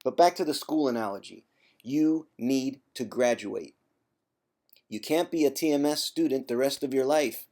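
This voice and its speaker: A man, a former chronic pain sufferer, talking straight to camera in a vlog with an emphatic, teasing tough-love delivery, clearing his throat now and then. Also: mid-range voice, moderate pace, a little mellow. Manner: conversational, with frequent throat clearing. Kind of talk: direct-to-camera vlog monologue.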